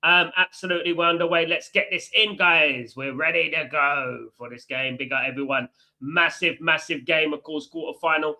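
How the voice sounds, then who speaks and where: Bright-voiced man ranting about football. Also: fairly high pitch, fairly even intonation, moderate pace. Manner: chatty, shouts out viewers, fired-up football ranting. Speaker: watchalong host. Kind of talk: live stream chat with viewers. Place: indoors, hot room in Italy.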